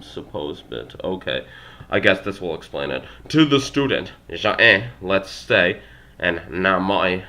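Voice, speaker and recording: A man's voice: deep voice, fairly bright tone. A young man working through a language textbook aloud, sounding out phrases, stumbling over pronunciation and adding self-deprecating asides. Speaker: language learner vlogger.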